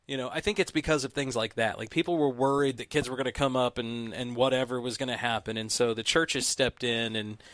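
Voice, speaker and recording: A man's voice: mid-range voice, fairly even intonation, a little fast, few pauses, a bit bright, no echo. Chatty storytelling man, dry mic. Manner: storytelling, acts out quotes with raised voice. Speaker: podcast co-host. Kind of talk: casual chat.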